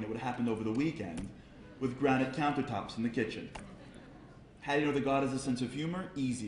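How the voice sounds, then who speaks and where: A man's voice: medium pitch, slight background noise. A man giving a humorous talk to a live audience, telling stories and acting out the dialogue before turning to a Torah lesson. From United States. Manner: storytelling with jokes, acting out dialogue. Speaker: speaker at a charity event. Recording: echoey room with faint ambience.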